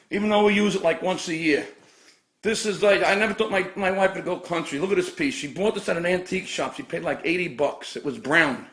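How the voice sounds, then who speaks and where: A man's voice: on the high side, a bit bright. A middle-aged man, griping his way through a comedic rant while touring his own house and yard. He stammers and restarts often and grows more exasperated as he goes.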